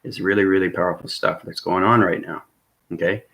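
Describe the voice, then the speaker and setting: Speaking fairly quickly in a deep, steady, fairly bright voice, a man vlogs about spiritual matters. His monologue is intense, earnest and rambling, punctuated by frequent "okay?" and "right?" checks with his audience.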